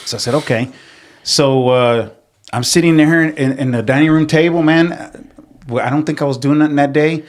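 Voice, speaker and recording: A middle-aged man from San Antonio, a podcast guest, telling animated stories in casual chat, acting out quotes and swearing freely. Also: a little high, moderate pace. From San Antonio, Texas. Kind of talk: casual storytelling.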